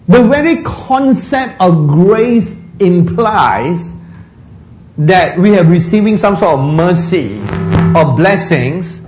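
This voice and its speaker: A man preaching a sermon in a church, speaking deliberately and asking rhetorical questions. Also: high voice, expressive, darkish tone, soft background music, low-quality recording. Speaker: pastor.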